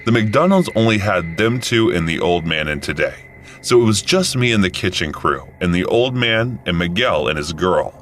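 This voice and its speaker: Man in his 30s, story narration, deep voice, expressive lively intonation. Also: moderate pace, slight background noise. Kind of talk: first-person story narration.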